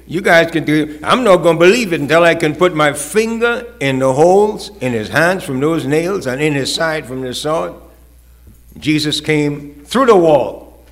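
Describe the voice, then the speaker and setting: A man's voice: a little high, a bit bright. A male pastor preaching a sermon, with rising, emphatic calls and acted-out quotes.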